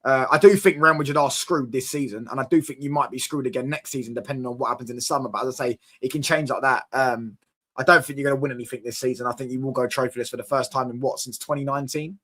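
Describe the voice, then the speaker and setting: A young man hosting a casual football live stream, talking in an animated way to his chat, full of fan slang and repeated "do you get what I'm saying". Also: medium pitch, fast talker.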